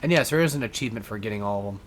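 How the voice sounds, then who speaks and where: A man's voice: on the low side, lively intonation, very fast, a little hiss or hum. A man giving rambling, casual gameplay commentary as a let's player, swearing often and correcting himself as he goes. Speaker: let's play gamer.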